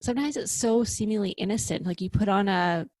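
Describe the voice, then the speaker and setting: A woman speaking as a podcast guest over a remote call, lively and chatty with frequent "like" asides. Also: mid-range voice, fairly quick. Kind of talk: casual conversational interview.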